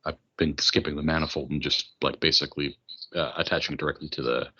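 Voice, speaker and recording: Deep-voiced man, halting and bright. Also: flat delivery, husky, lo-fi sound. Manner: halting, many fillers and restarts. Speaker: podcast guest, mead maker. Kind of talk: casual conversation.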